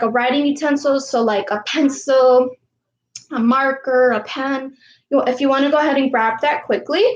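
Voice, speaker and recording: A woman coaching young girls through an online warm-up and lesson, counting aloud in an upbeat way and calling herself by name in the third person. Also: high-pitched, a little hiss or hum. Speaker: youth sports coach. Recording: echoey room.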